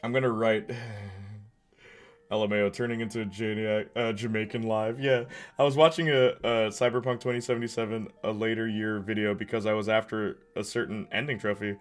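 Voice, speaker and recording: A man's voice: fairly low pitch, flat delivery, fairly quick, clear, resonant tone. Chatty male streamer over faint music. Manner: chatty, reads and answers chat aloud. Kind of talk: casual live-stream chat.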